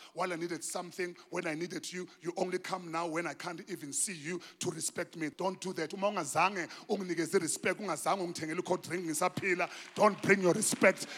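Male South African pastor, high tenor, impassioned sermon in a big echoing church. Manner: impassioned preaching, swinging from hushed to shouted, mixes in Zulu phrases. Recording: long hall reverb.

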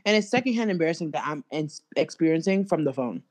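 A young woman in casual chat, slangy and blunt. Her voice sits fairly low but swings widely in pitch. She sounds animated and outspoken. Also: fast talker. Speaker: co-host.

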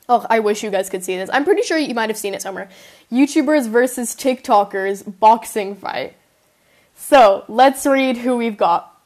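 A young woman hosting a podcast, chatting casually in a giggly, gushing way with many fillers and apologies. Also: fairly high pitch. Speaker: podcast host. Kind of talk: casual chat.

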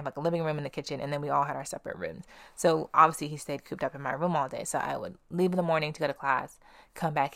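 A woman's voice: low voice, vocal fry, fairly bright tone, no echo, clean studio sound. A young woman hosting a podcast, telling candid personal stories in a blunt, casual way and swearing freely. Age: young adult. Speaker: podcast host.

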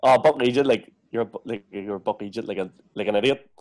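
A man's voice: fairly low pitch, quick pace, darkish tone. A man from Northern Ireland with a Northern Irish accent, a podcast guest explaining local slang in a laid-back, laughing way. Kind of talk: casual podcast chat.

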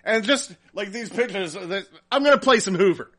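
A man hosting a casual podcast, reading listener comments and telling a story in a profane, animated way. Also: high-pitched, moderate pace. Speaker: podcast host.

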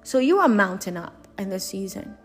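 A woman's voice: medium pitch, very animated, moderate pace, faint music behind. A woman preaching a sermon in an earnest, emphatic way, repeating and restarting her phrases.

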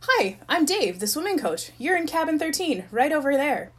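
A woman doing a brisk, upbeat swim coach. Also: high-pitched, big pitch swings, background noise, pitched above the performer's own voice. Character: friendly young male swimming coach.

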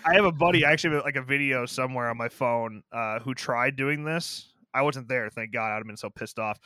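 A man's voice: mid-range voice, a little fast, sharp tone, no echo, studio quality. A man co-hosting a podcast, joking and swearing as he chats about a horror movie. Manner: joking, swears, laughs at his own stories. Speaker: podcast co-host. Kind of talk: casual movie review chat.

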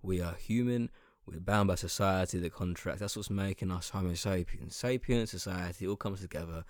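A man's voice: low-pitched, moderate pace, no echo, clean studio sound. A young man hosting a podcast, ranting in a profane, sarcastic and scornful way. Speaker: podcast host. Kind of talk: casual podcast rant.

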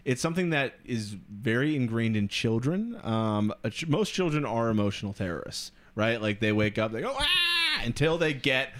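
A man co-hosts a podcast, telling a personal story in a loose, rambling style. His speech is packed with filler words and restarts. His voice sits at an ordinary mid pitch. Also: animated, moderate pace, few pauses. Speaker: podcast co-host. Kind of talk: casual storytelling chat.

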